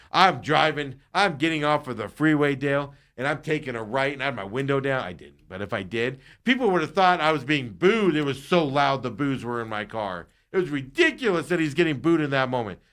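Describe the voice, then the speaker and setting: Fired-up sports radio guy ranting, voice swings all over the place, mid pitch. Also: lively intonation, brisk, hardly any pauses, a bit bright. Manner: heated, exasperated, voice jumps up when angry. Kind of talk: sports talk radio rant.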